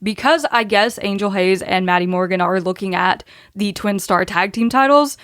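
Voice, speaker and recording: A woman's voice: medium pitch, moderate pace, a bit bright, no echo, studio quality. A woman hosting a podcast, running through match results in a casual way and laughing often. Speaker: podcast host.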